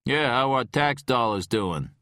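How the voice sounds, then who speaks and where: A man's voice: medium pitch, expressive, measured pace, fairly bright tone, no echo, voice pushed up. A man voicing a bitter, paralyzed male detective who snaps sarcastic demands in an audiobook. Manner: snappish, sarcastic.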